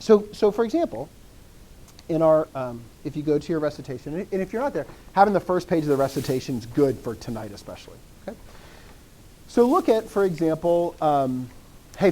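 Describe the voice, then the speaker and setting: An animated teacher whose pitch swings up and down through a classroom lecture. The teacher quizzes the students again and again, encourages their answers and repeats key phrases to drive them home. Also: rough recording. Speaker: Greek teacher.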